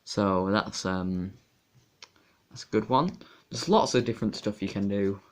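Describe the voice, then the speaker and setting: A young man casually talking through a card game deck, rambling and halting with fillers and restarts. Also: on the low side, a little hiss or hum. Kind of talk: casual deck profile talk.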